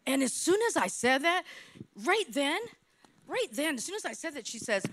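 A woman from Hawaii gives a church testimony in a high, bright voice. Her pitch leaps and swoops constantly as she tells her story dramatically. She repeats key phrases for emphasis, like a seasoned preacher. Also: normal speed. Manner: animated, dramatic storytelling with repetitions. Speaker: church speaker giving testimony. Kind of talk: sermon testimony.

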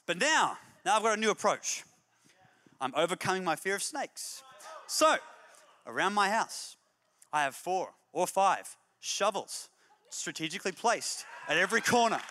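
A man preaching a humorous, energetic sermon as a pastor, moving between jokey stories and emphatic exhortation. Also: high voice, moderate pace, big-room sound. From Australia. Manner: animated storyteller, jokey then emphatic and exhorting.

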